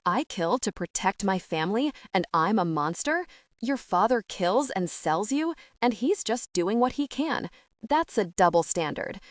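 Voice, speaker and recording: A woman voicing a ruthless, smug, middle-aged mafia boss in an audiobook, speaking in low, menacing taunts. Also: sing-song, unhurried, no room sound, studio quality. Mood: taunting. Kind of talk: audiobook character reading.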